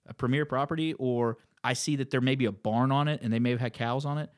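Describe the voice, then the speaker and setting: Speaking quickly in a steady, mid-range voice, a land investor guest recounts episodes from buying land during a relaxed chat. He plays out the phone calls as he describes them, captured in a dry, studio-quality recording.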